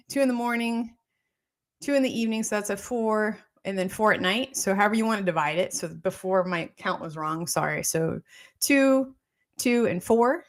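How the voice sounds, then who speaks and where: A woman doctor giving a casual health talk, repeating points and checking in with her listeners as she explains. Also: a little high. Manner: repetitive, keeps checking in with "okay?" and "right?".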